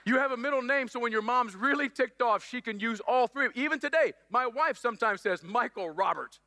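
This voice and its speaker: A man's voice: very high-pitched, fairly quick, sharp tone, in a large hall. A middle-aged man preaching a sermon as pastor, upbeat and joking with the congregation in a church. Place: church sanctuary.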